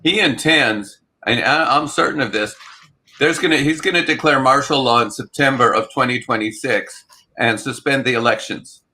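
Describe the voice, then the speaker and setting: A man's voice: mid-range voice, normal speed. A man in casual political talk, emphatic and grimly joking, often restarting his sentences. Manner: emphatic, stuttering starts, dark humor. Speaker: political commentator.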